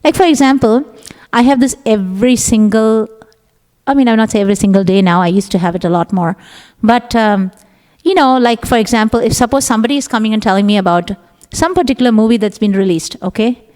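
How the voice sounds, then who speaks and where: A woman's voice: fairly high pitch, quick pace, darkish tone. A woman giving a conversational scripture class to a temple group, sometimes acting out her own thoughts in quotes. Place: temple hall. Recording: echoey temple hall.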